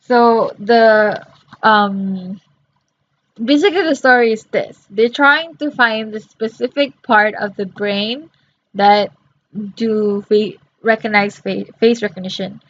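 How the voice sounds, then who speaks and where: A woman's voice: medium pitch, takes it slowly, a bit bright. A very sleepy young woman reading her study notes aloud and explaining them in a rambling way, with many fillers and restarts. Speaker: student reviewing course notes. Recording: slightly dull lo-fi audio.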